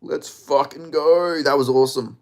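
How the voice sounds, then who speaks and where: Excitable Australian man reacting to fights. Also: a little high, normal speed. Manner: excitable, profane, shouts at big moments. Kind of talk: live watch-along fight reaction.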